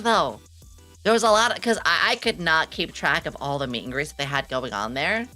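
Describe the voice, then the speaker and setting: A young adult woman streaming a casual chat, excitable and giggly, swearing freely and reading her chat aloud. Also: sits low. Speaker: VTuber streamer.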